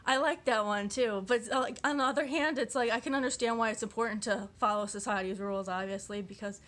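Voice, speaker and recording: Rambling, chatty woman with a high voice. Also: steady tone, quick pace, fairly bright tone. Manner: chatty and rambling, full of "like" and restarts; giggly and self-deprecating. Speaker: vlogger. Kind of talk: casual vlog, reading and reacting to quotes.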